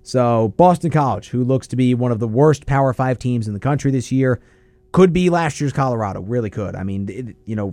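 A man hosting a casual college football talk show, breaking down games with quick asides. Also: mid-range voice, no echo. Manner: lively, animated analysis with quick asides.

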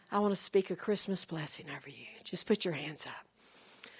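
A woman preacher from the Southern United States giving a sermon, swinging from hushed storytelling to shouted exclamations. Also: fairly low pitch, moderate pace, slightly rough.

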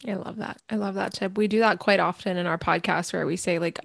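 A woman's voice: lowish voice, fairly even intonation, a little fast, creaky, hardly any pauses, fairly bright tone, dry recording. Upbeat woman co-host, dry close mic. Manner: upbeat, encouraging, laughs easily. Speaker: podcast co-host. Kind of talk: casual podcast chat.

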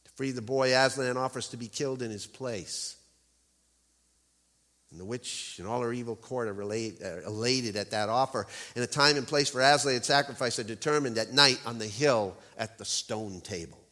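Guy preaching in a church, big dramatic storytelling, mid pitch, long echo. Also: moderate pace, pushed and bright. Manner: dramatic storytelling, vivid emphasis on key words. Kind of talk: sermon.

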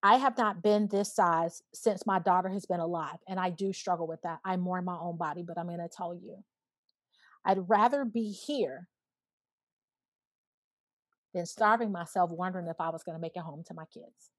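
A woman's voice: fairly low pitch, normal speed, no room sound. A woman in her thirties, a podcast guest, talking earnestly and reflectively in a casual conversation, often saying "you know". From Alabama, USA. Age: 30s.

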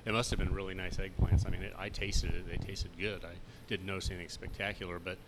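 A man's voice: sits low, level tone, fast talker, very noisy. A man co-hosting a podcast, laid-back in casual chat, talking while eating. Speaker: podcast co-host and cook.

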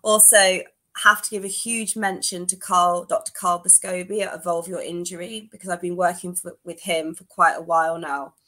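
A woman's voice: lowish voice, flat delivery, normal speed, sharp tone. A woman on a podcast, a competing athlete, giving thanks in casual chat. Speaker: co-host and guest athlete.

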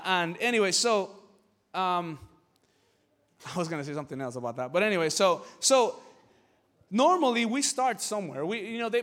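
Young male pastor, high voice, casual joking sermon delivery, chatty and animated.

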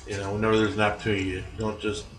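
Male podcast host, low relaxed voice, roomy echo and faint noise behind. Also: racing, far from the mic. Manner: relaxed, short affirmations while listening. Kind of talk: casual podcast chat.

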